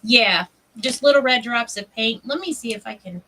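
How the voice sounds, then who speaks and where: A woman, hosting a craft livestream and telling stories in an animated way, laughing often. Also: a little high, moderate pace, far from the mic, a little hiss or hum, low-quality recording. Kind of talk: casual chat while crafting.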